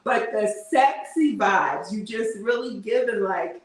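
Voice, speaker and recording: Animated yet slow, her mid-range voice carries through a very echoey room, far from the microphone. This middle-aged livestream host keeps things casual, laughing frequently and reading comments from viewers aloud.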